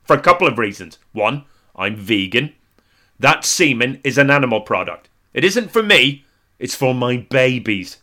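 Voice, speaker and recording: Animated, bright-voiced comedian in his forties. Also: mid-range voice, normal speed. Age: 40s. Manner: self-deprecating, deadpan with sudden exaggerated outbursts. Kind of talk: scripted comic monologue.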